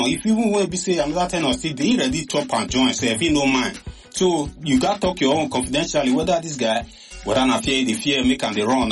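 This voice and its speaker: A man with a Nigerian Pidgin accent, hosting a show and giving animated, casual commentary full of exclamations. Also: on the high side. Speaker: radio or online show host.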